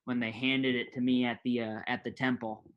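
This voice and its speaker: Man describing his character, halting. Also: medium pitch, level tone, lo-fi sound. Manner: halting, filler-heavy. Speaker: player. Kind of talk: casual chat describing a character.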